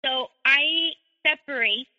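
A woman's voice: high-pitched, slow, pushed and bright. A woman guest telling her personal story, hesitant with many fillers. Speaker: interview guest. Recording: tinny phone line with long reverb.

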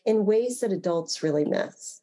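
A woman researcher being interviewed, explaining her findings in a measured, thoughtful way with frequent fillers. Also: mid-range voice, animated, dark tone. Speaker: researcher guest.

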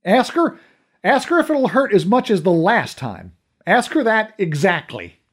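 A man voicing an excitable, indignant modern cop who shouts and panics. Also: high voice, unhurried, slightly rough, pitched above the performer's own voice, heavily acted. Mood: whining.

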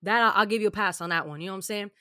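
A woman co-hosting a casual podcast chat, blunt and profane, telling animated stories. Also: mid-range voice, very fast, dry recording, clean studio sound. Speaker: co-host.

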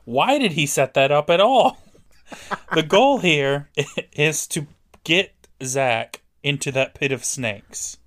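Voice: mid-range voice, animated, slow, fairly bright tone. A podcast co-host giving sarcastic, laughing commentary while recapping a TV episode. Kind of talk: casual chat recapping a TV episode.

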